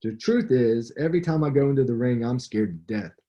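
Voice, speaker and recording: A man's voice: mid-range voice, expressive, fairly quick, dark tone, dull audio, close to an everyday voice. A man reading the lines of a cocky young heavyweight boxer, who is brash but frightened, in a raised, emphatic voice.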